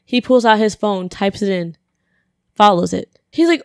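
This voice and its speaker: A young woman hosting a podcast and telling funny stories in a casual, animated way, laughing often and filling her talk with "like". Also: mid-range voice, normal speed, smooth, dry recording, clean studio sound. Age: young adult. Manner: animated, laughing, full of "like" fillers. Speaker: podcast host.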